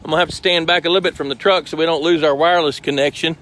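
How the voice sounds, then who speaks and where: Talking very fast in a fairly high, steady, slightly bright voice, a host live-streams from a fish truck beside a lake. He wanders with his phone camera in hand, chatting and explaining as he goes.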